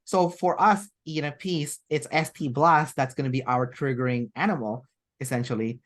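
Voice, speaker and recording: A woman's voice: very deep voice, moderate pace. Chatty woman rambling through an interview. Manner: chatty and rambling, many fillers and restarts. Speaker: interview guest. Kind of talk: casual interview chat.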